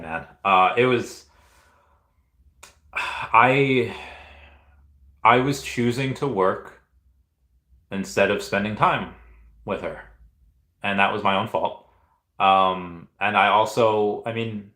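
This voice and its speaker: The sound is roomy as a thirties-aged man originally from Peru talks on a live stream, reading comments aloud. His voice sits on the low side, pushed and bright, and his casual chatter is rambling and halting, with lots of restarts.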